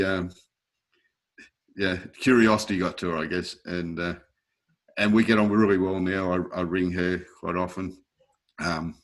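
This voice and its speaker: A man, a guest telling stories in an interview, acting out other people's voices and laughing often. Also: low voice. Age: 60s. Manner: lively anecdotes, acting out quoted voices, frequent chuckles. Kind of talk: storytelling in a casual interview.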